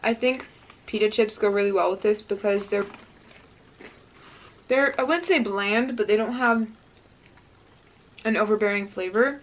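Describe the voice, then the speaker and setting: A young woman hosting a casual eating vlog, talking in a bubbly, excitable way and saying "like" a lot. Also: mid-range voice, a little slow, long pauses, lo-fi sound, slight background noise. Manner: bubbly, excitable, says "like" often. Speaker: mukbang vlogger.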